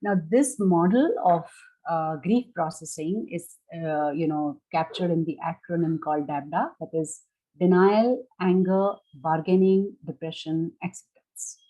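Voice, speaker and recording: A middle-aged woman therapist giving a reflective talk on grief, explaining in a measured way with frequent fillers and restarts. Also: on the low side, dark tone, poor audio.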